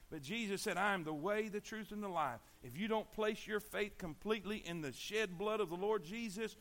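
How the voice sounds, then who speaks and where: A man's voice: high-pitched, fairly quick, few pauses, fairly bright tone. A man preaching a sermon, emphatic, repeating himself and asking the congregation to answer back. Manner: emphatic, repeats words and asks the congregation for replies. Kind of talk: sermon on sharing the gospel.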